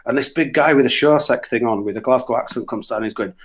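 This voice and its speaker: A man's voice: medium pitch, quick pace, hardly any pauses. Yorkshire guy, middle-aged, swearing his way thru a funny gig story, super casual. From Yorkshire, England. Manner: crude, swearing, animated anecdotes with put-on voices. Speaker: musician telling stories on a radio show.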